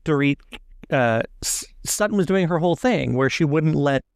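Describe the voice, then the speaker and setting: A man with a cold co-hosts a relaxed chat, restarting his sentences and dropping dry jokes. His voice sits fairly high and sounds smooth and clear. The recording is dry and close to the mic. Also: moderate pace, no room sound. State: coming down with a cold. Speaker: podcast co-host. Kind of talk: casual chat.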